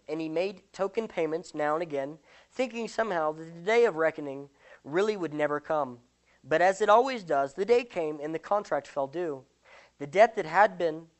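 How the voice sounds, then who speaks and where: A religious speaker giving a sermon, explaining a doctrine and then reading a parable aloud in an earnest, deliberate way. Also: mid-range voice.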